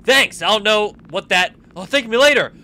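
Excitable high-voiced young man gaming. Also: moderate pace. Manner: excitable, shouting reactions and laughing. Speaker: gaming YouTuber. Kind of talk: let's play commentary.

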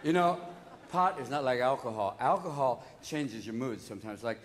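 Manic profane stand-up comedian. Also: male voice, medium pitch, expressive. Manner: manic, profane, rapid-fire riffing. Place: large theater stage. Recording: live theater recording with audience laughter.

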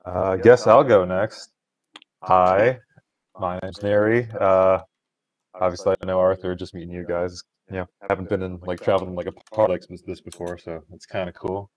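A man introducing his character in a tabletop role-playing game, speaking in a relaxed, hesitant way with many fillers. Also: low-pitched, normal speed, lo-fi sound, slight background noise. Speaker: tabletop player.

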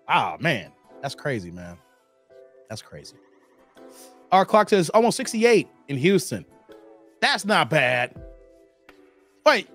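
A man's voice: a little high, big pitch swings, takes it slowly, pauses often, fairly bright tone, soft background music. A man from the Chicago area hosting a casual livestream, reading viewer comments and teasing them with lots of laughter. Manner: laughing, teasing banter with chat. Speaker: livestream host.

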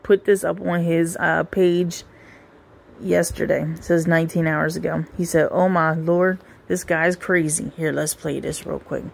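A woman's voice: deep voice, fairly even intonation, a little slow, vocal fry, noisy background. A woman hosting a gossip show, casually commenting and reading comments aloud in a laid-back, profane way.

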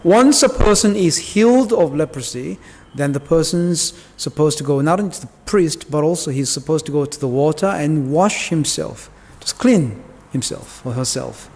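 Higher-voiced pastor preaching in reverberant church. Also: male voice, expressive, moderate pace, a little mellow, breathy edge. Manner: conversational, explaining Bible verses with asides and fillers. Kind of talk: sermon. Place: church hall.

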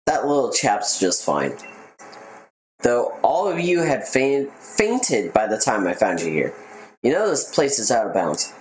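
Confident, reassuring older brother, read by a man; lively pitch, echoey room. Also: unhurried. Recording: roomy echo, faint noise.

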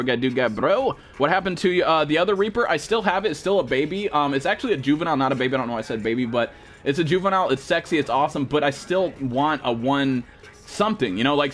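Fast-talking, excitable young male streamer. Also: a little high. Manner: fast, profane, excitable, greets chat viewers. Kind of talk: live gameplay commentary.

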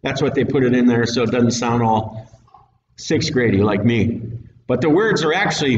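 A man's voice: medium pitch, big pitch swings, normal speed, a little hiss or hum. A man preaching a casual, folksy Bible-teaching sermon in a plain-spoken, emphatic way. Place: church hall with a live audience. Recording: echoey room, mic at a distance, dull sound.

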